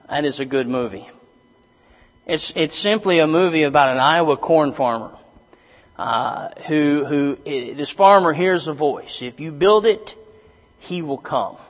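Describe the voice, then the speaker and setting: Male preacher, higher-pitched, hesitant delivery, long church reverb. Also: animated. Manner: halting, many restarts and fillers, rising to emphatic reading. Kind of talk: sermon.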